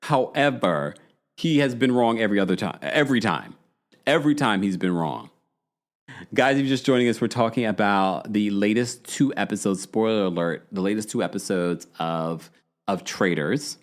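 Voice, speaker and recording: A man hosting a live talk show, chatting in a casual, animated way and reading out comments from viewers. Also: on the low side, normal speed. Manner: animated, acts out quoted lines in shifting voices. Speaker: podcast host recapping reality TV.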